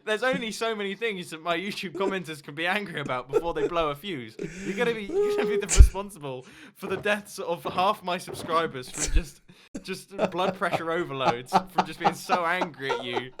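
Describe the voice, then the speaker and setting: A man's voice: sits high, sing-song, brisk, hardly any pauses, noisy background. A young English man rambling and laughing in a casual chat while playing a game. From England. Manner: giggly, rambling, self-deprecating. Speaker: Minecraft YouTuber.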